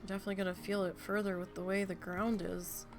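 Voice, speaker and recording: A woman's voice: medium pitch, flat delivery, fast, over music. A woman live-streaming a game, chatting casually and telling rambling stories with plenty of swearing. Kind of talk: casual live-stream chat while playing.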